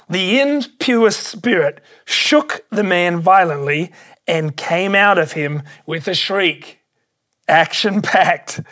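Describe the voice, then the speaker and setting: A pastor preaching a sermon, emphatic and excitable, repeating key phrases for weight. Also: mid-range voice.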